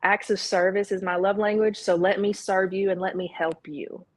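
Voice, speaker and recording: A woman's voice: mid-range voice, steady tone, normal speed. A woman with a Southern US accent, a guest in an interview, talking candidly and quoting her own inner thoughts. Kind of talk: casual interview talk.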